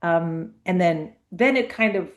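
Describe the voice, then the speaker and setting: Middle-aged woman telling lively anecdotes. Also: fairly low pitch, unhurried, highs cut off. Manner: lively anecdotal storytelling, acts out quoted dialogue. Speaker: comedian guest. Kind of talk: casual interview chat.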